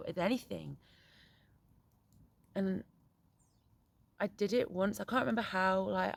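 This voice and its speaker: Gravelly low-voiced woman. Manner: frank, swears often, halting restarts. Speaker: poet and parent. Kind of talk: candid reflective monologue.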